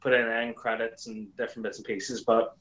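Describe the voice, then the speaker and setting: A man chatting casually as a guest, an animated storyteller who acts out quoted lines in a higher voice. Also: a little fast, poor audio. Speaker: YouTuber guest. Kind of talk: casual chat.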